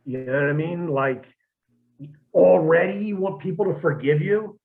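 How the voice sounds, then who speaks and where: A former wrestler on a podcast, talking in a blunt, profane, rambling way with many restarts. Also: male voice, fairly high pitch, normal speed. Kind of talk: casual podcast chat. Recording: tinny phone-like line.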